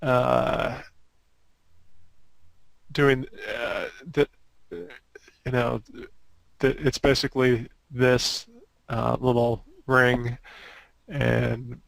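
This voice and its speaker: A man, a concept artist, casually showing his drawings on a group call and talking in a halting way with many restarts. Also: mid-range voice, flat delivery, vocal fry, fairly bright tone, no echo, rough recording.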